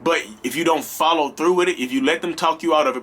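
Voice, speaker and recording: A man hosting a casual advice vlog, talking straight to his viewers in an animated, slangy, rambling way. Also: a little high, quick pace, few pauses. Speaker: vlog host.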